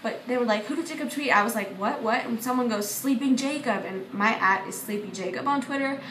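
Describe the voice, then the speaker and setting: A teenage girl vlogger telling a long story in a casual, rambling way, full of "like" fillers and getting excited. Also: a little high, a little fast. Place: indoor room with air conditioning. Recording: echoey room, far from mic, faint hum. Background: faint air conditioning hum.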